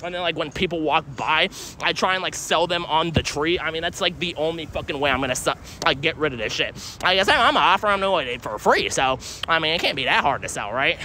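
Bright-voiced, foul-mouthed young man streaming. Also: expressive, fast, slight background noise. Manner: rambling, heavy swearing, pitching strangers. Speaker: livestreamer. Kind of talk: live street streaming. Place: outdoors on a city street.

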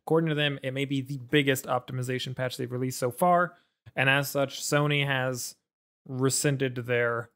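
A man's voice: mid-range voice, fairly bright tone, clean tone. A man co-hosting a casual gaming podcast, recapping news in a wry, joking way. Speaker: podcast co-host. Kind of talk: casual chat.

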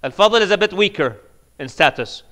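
A man giving a sermon, moving between hushed grieving tones and loud, emphatic preaching, with Arabic devotional phrases woven in. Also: high-pitched, expressive, normal speed. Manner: swings from hushed, near-whispered grief to loud, emphatic preaching. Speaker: imam giving a majlis sermon.

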